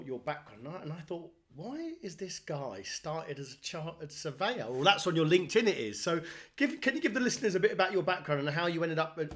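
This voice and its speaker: A man's voice: on the high side, fairly bright tone. A man hosting a studio interview who asks his questions in a casual, conversational way. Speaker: podcast host.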